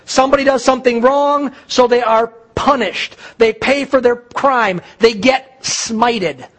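A male pastor delivering a sermon, preaching emphatically with dramatic pauses and repetition. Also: extremely high pitch, a bit bright.

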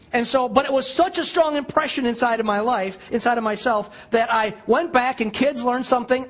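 Husky high-voiced pastor telling a story. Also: male voice, fairly bright tone. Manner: storytelling, conversational and earnest. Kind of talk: sermon.

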